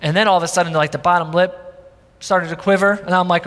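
A man's voice: sits high, fast talker, in a large hall. A male pastor preaching a sermon in a conversational, storytelling way, acting out the people in his story. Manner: animated, conversational, acts out quotes.

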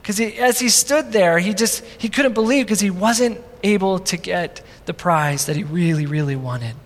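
A man's voice: high voice, moderate pace, big-room sound. A male pastor preaching a sermon in a conversational, storytelling way, acting out the people in his story. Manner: animated, conversational, acts out quotes.

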